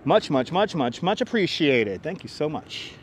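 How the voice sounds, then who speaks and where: A man's voice: on the high side, very animated, normal speed, slight background noise. A man hosting a casual live stream while walking outdoors in an urban park, chatty and teasing, greeting viewers as he goes.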